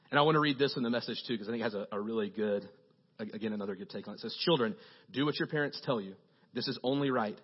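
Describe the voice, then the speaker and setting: Man, youth pastor, casual sermon, husky, muffled lo-fi sound. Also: mid-range voice, rapid-fire. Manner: casual, joking, animated storytelling.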